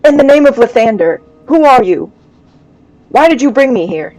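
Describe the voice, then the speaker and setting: A woman voicing a proud holy warrior who speaks in a declamatory, commanding way, with soft music playing behind. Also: fairly high pitch, lively intonation, moderate pace, no echo, lightly acted, poor audio. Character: proud holy warrior sworn against darkness.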